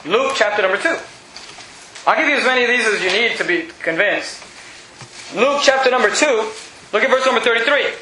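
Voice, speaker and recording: A man's voice: very high voice, animated, a little fast, long pauses, bright, forceful tone, a little hiss or hum. A male pastor preaching an emphatic, mocking sermon, quizzing his congregation. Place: church hall with congregation. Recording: echoey church hall.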